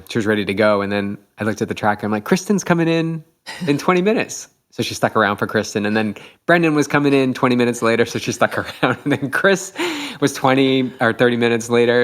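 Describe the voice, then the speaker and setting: A man's voice: fairly low pitch, a bit bright. A middle-aged man, a podcast host, telling a race story in casual chat, eager and reflective, with many fillers.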